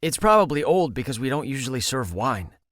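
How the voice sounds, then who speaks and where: A man's voice: mid-range voice, big pitch swings, brisk, a bit bright, dry recording, studio quality. A man voicing a young woman waitress who is flustered and hesitant in an audiobook.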